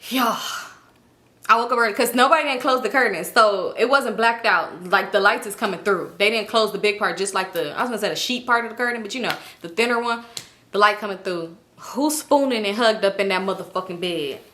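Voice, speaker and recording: A young woman telling a casual storytime vlog story, animated and profane, acting out other people's lines and dropping to near-whispers for her own thoughts. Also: mid-range voice, a little fast. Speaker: storytime vlogger.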